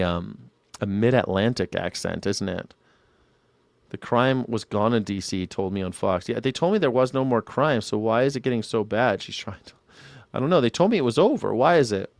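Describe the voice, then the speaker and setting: A man's voice: mid-range voice, vocal fry, dry recording. A man hosting a live news reaction show, sarcastic, crude and rambling.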